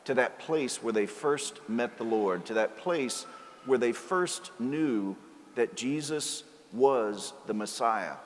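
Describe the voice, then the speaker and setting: A man's voice: medium pitch, slow pace, a little hiss or hum. A male priest giving a sermon, telling a joke story and then preaching earnestly. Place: large cathedral. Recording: cathedral reverb, faint ambience.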